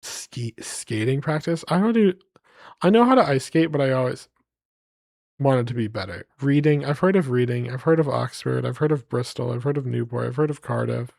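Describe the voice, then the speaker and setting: A man's voice: medium pitch, normal speed, gravelly, a little mellow, no room sound, studio quality. A man streaming live, rambling playfully to his chat as he reads place names aloud.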